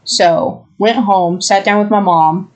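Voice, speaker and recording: A young woman co-hosting a podcast, casually telling a story in an exasperated, animated way and mimicking the people she quotes. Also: medium pitch, slow pace. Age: young adult. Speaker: podcast co-host.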